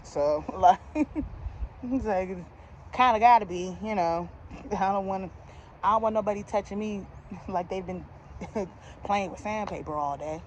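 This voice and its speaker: A young adult woman telling a comedic storytime in a casual, slangy, animated way, laughing along as she goes. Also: mid-range voice, measured pace, long pauses, a little hiss or hum.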